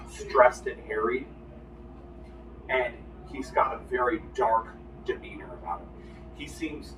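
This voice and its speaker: A man's voice: mid-range voice, a bit bright. A man leads a tabletop game, describing scenes and calling for dice checks and often restarting his phrases. His voice is distant and roomy, with a faint background hiss. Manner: descriptive narration with frequent restarts. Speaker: game master.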